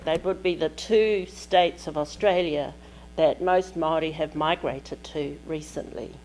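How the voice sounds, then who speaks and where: Slow, measured New woman lecturing. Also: low-pitched, a little mellow, a little hiss or hum, rough recording. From New Zealand. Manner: measured, deliberate phrasing in short pieces. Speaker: keynote lecturer. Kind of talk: academic keynote lecture. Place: lecture hall at a conference.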